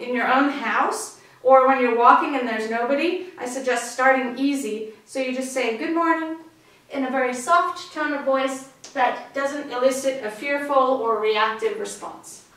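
A woman with a high voice explains dog training in a friendly, upbeat way. She sounds far from the mic, and her voice rings with heavy echo. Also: fairly bright tone. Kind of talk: instructional video talk. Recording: very echoey, distant mic.

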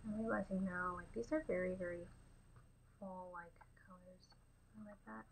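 Young woman artist talking thru her painting, soft and quiet, half whispering, bit of hiss. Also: medium pitch, steady tone, fast, vocal fry, low-quality recording. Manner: soft-spoken, often dropping to a near whisper. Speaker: artist and channel host. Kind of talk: casual commentary while painting.

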